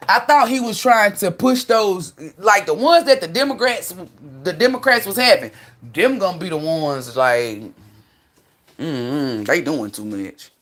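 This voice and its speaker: A woman hosting a livestream, rambling through stories in a loud, profane, animated way with many restarts. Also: medium pitch, unhurried. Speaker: livestream host. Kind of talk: casual livestream storytelling.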